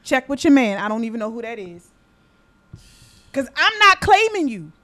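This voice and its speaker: A woman hosting a podcast, talking in casual chat, blunt and profane, telling animated stories. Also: fairly high pitch, normal speed. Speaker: podcast host.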